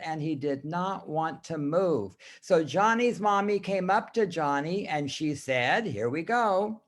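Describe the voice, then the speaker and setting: A teacher trainer on a video call tells a children's story song to other teachers in a slow, sing-song manner and leads the group in singing along. His voice is high-pitched.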